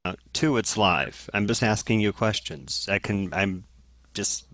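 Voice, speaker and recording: Calm, low-voiced man asking questions. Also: a little slow, no echo. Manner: calm, plain, persistent questions. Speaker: participant in a live hangout. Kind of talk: questioning in a video call.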